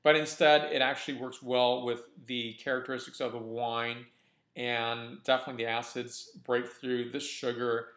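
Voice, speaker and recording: A man hosting a casual wine review vlog, talking in a relaxed, enthusiastic way with frequent restarts. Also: mid-range voice, moderate pace. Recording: roomy echo.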